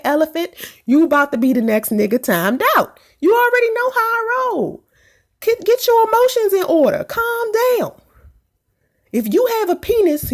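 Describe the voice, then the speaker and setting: A pregnant woman vlogging casually as she reads and answers viewer comments, blunt and profane, laughing often. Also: high voice.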